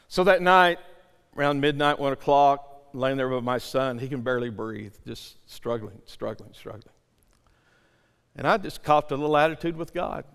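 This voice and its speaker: A middle-aged male pastor preaching a sermon and leading a prayer, swinging from loud impassioned pleading to hushed near-whispers. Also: medium pitch, moderate pace, clear, resonant tone. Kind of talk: sermon with altar call. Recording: long hall reverb.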